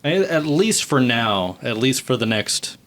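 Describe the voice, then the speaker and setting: A man's voice: medium pitch, big pitch swings, slow pace, a bit bright. A man hosting a tech news podcast, chatting casually and reading the show's outro. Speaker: podcast host. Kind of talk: casual chat.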